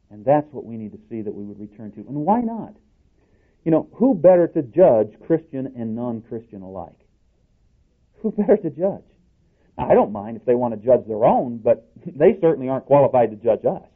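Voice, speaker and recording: Emphatic preacher, tinny audio. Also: male voice, mid-range voice, very animated, normal speed, pauses often. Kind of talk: sermon.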